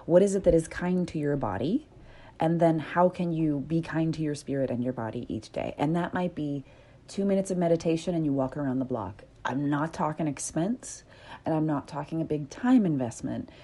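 A woman in her thirties hosting a podcast, speaking candidly in a reflective solo monologue, swearing freely and gently coaching her listeners. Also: deep voice, moderate pace. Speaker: podcast host.

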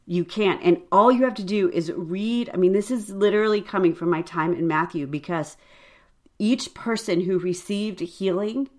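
A woman's voice: medium pitch, moderate pace, a little mellow. A woman hosting a faith podcast, talking earnestly and conversationally with frequent fillers. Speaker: podcast host.

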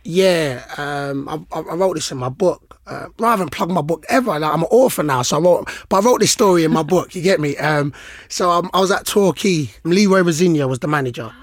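A man's voice: fairly high pitch, a little fast, no echo, clean studio sound. A man co-hosting a podcast, telling stories animatedly with street slang. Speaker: podcast co-host. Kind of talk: casual podcast chat.

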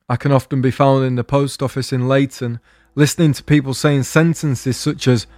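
A man delivers deadpan, wry spoken-word comedy, unhurried and musing, in an ordinary mid-range voice. Soft music sits faintly underneath him. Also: medium pitch. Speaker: comedian and podcast host.

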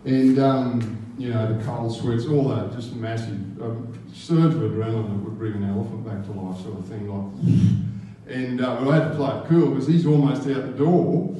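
A man's voice: medium pitch, normal speed, dark tone. An Australian man telling a true story on stage at a live event, rambling and casual and swearing freely. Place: live arts venue stage. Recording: roomy live hall from a distance.

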